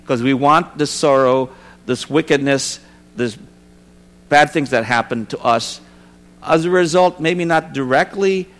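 A man's voice: on the high side, a little slow, a bit bright. A man giving an informal sermon, reading scripture aloud and adding conversational asides with frequent restarts. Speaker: preacher. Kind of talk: informal Bible study sermon.

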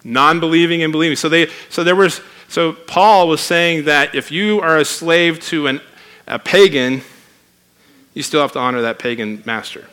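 Bright-voiced conversational preacher man. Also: a little high, moderate pace, clean tone. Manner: conversational, emphatic, reads scripture aloud. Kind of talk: sermon.

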